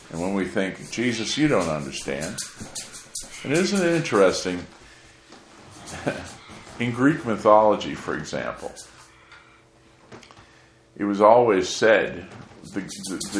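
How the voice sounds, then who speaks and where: A man's voice: deep voice, reverberant, slight background noise. A man preaching a sermon as pastor, asking his listeners rhetorical questions. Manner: asks the congregation rhetorical questions.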